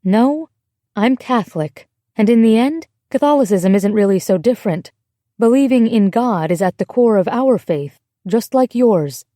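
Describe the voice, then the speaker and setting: Woman reading a kind, steady American woman. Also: on the high side, normal speed, dry recording, clean studio sound, close to an everyday voice. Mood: reassuring. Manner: gentle, reassuring, firm.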